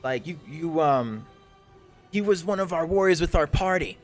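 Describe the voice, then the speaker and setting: A man's voice: fairly high pitch, lively intonation, normal speed, soft background music, voice pushed up, lightly acted. A man voicing his own adventurer character, a bold male hero who confronts a villain. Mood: questioning. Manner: demanding, confrontational.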